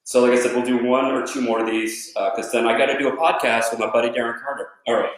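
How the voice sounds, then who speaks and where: A man's voice: mid-range voice, little pitch movement, fast. A man doing a casual live-streamed comedy set at home, rambling and swearing freely. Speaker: stand-up comedian. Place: family living room. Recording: echoey living room.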